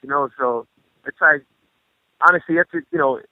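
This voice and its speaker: A rapper phoning in as a guest, telling stories in a rambling, profane way, full of "you know". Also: male voice, on the high side, moderate pace, no room sound. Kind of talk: casual storytelling over the phone. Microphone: phone. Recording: muffled phone line.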